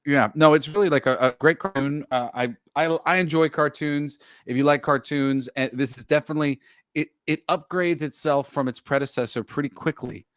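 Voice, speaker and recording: A man co-hosting a geek podcast in casual chat, animated and swearing, acting out quotes as he talks. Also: fairly high pitch, fairly quick, dry recording, studio quality. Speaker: podcast co-host.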